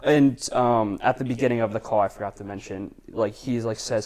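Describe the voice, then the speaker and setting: Chatty young man with a lowish voice. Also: fairly even intonation, fairly quick, darkish tone. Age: young adult. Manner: chatty, lots of "like" fillers. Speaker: podcast guest, congressional intern. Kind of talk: casual storytelling chat.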